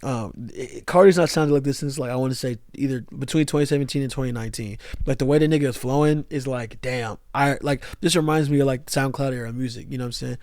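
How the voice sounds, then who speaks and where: A man's voice: medium pitch, quick pace, few pauses, darkish tone, no room sound, clean studio sound. A young man giving a rambling, slangy music commentary rant, full of fillers and restarts. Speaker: music YouTuber.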